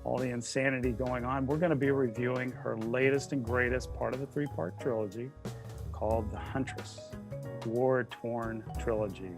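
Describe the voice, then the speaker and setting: A man's voice: mid-range voice, fairly even intonation, moderate pace, music in the background. A man hosting a casual interview over a video call, chatty and jokey, with plenty of filler words. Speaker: host.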